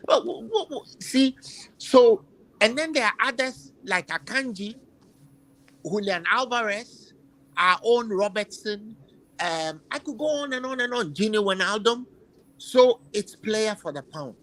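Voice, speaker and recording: A man's voice: high voice, expressive, measured pace, fairly bright tone, poor audio. A man hosting a football chat, giving emphatic opinions and repeating phrases while he searches for words. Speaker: football podcast host.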